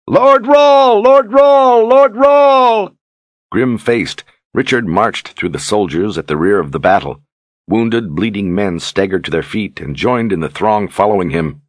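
A man reading a fantasy novel aloud in steady, measured scripted narration. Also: sits low, dry recording. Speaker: audiobook narrator.

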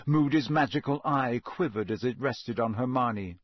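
A man reading a story aloud in a steady, measured narration. His voice is mid-pitched and husky. It is recorded close and dry, with no room sound. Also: dry recording. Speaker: audiobook narrator. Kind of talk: scripted narration.

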